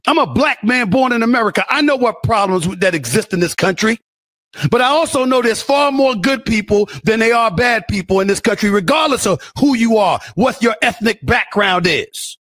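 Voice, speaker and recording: A man's voice: extremely high pitch, normal speed, fairly bright tone. An earnest, upbeat man speaking from a studio.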